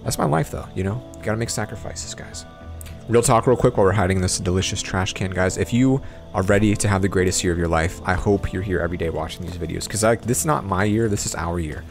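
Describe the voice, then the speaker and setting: A young man giving casual let's-play commentary on a game, excitable and exasperated, rambling on between hushed mutters. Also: low voice, fast talker, gravelly. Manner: drops to hushed, whispery mutters while sneaking. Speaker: gaming YouTuber. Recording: game music playing underneath. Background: game music.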